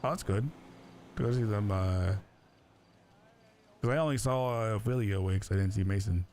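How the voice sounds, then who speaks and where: A man chatting in character during an online roleplay stream, rambling and halting with lots of fillers. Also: fairly low pitch, a little mellow, a little hiss or hum.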